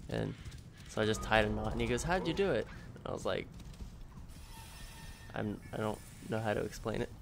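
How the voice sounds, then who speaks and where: A man's voice: on the low side, fairly even intonation, normal speed, creaky, background noise. A man streaming a video game, swearing in frustrated outbursts and rambling through stories with lots of filler words. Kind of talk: casual gameplay commentary. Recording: game music playing behind.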